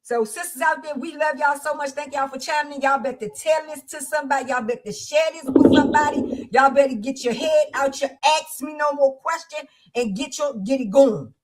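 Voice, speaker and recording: A woman's voice: high voice, fairly even intonation, a little fast, hardly any pauses, soft background music. A woman hosting a livestream support circle, speaking in a fervent, preacher-like way. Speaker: host. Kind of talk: livestream talk.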